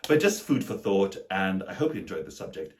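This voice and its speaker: A man's voice: low voice, sing-song, brisk. A man with a British English accent teaching a video lesson on English words, spelling them out letter by letter.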